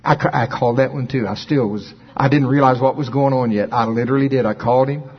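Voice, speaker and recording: An older man preaching, telling a story with lively quoted dialogue, his voice jumping high when he acts out phone calls. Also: quick pace, slightly rough, lo-fi sound. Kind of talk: sermon storytelling.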